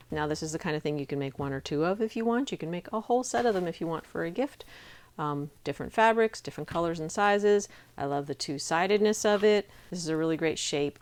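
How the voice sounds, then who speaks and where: A middle-aged woman hosting a sewing tutorial, chatty and encouraging as she demonstrates each step at her machine. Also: deep voice. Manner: chatty and encouraging, talks while working.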